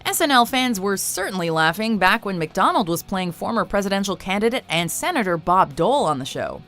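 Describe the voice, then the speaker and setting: Woman narrator, scripted countdown read, lively pitch, faint music under. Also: brisk.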